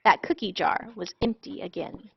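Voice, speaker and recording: A woman reading a children's storybook aloud in an expressive, animated way. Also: medium pitch, moderate pace, vocal fry, background noise. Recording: dull lo-fi dry sound.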